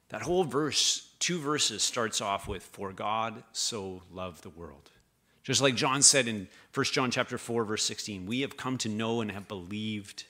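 Guy giving a sermon, kinda low pitched but bright, chatty, reads verses, stops to fix himself. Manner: conversational preaching, reading scripture with restarts and asides. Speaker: preacher.

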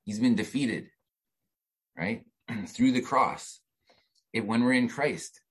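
A middle-aged man delivers a sermon in a relaxed, conversational manner. His voice is husky and sits at an ordinary pitch. He often repeats words as he gathers his thoughts. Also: takes it slowly, poor audio. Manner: conversational preaching with many restarts and asides. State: emotional, near tears while reading. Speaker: pastor.

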